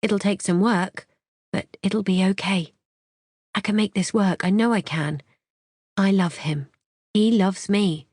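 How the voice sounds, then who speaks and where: A woman narrating a first-person audiobook thriller in a measured, tense storytelling manner. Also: mid-range voice, darkish tone, no echo, clean studio sound.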